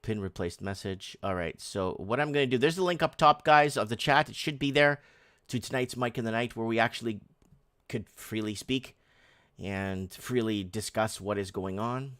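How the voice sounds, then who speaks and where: A man's voice: on the low side, normal speed, fairly bright tone, no room sound, studio quality. A man hosting a casual live stream, rambling and sarcastic, reading headlines and chat messages aloud with many restarts.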